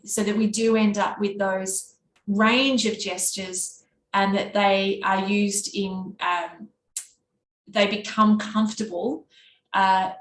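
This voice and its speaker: A woman with a nasal Australian East Coast accent presenting a teacher workshop in an easy conversational way. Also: mid-range voice. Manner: can be monotone; conversational, with fillers and restarts. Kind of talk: workshop talk. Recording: echoey room with faint background noise.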